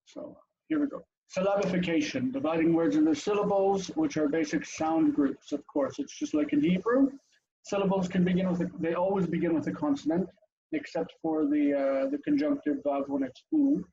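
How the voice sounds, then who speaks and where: A man teaching an online language lesson from home, his high, mellow voice gravelly at the edges and rising and falling a lot as he explains. The webcam audio is dull and lo-fi, with a faint hiss behind him. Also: very animated, moderate pace. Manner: chatty, explanatory, with frequent ums and asides.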